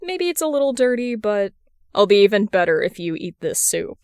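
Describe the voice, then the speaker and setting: A woman playing a gruff, blunt older brother. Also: medium pitch, moderate pace, dry recording, clean studio sound, lightly acted. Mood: gentle. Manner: blunt, deadpan, grumbling. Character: gruff protective young man, older brother.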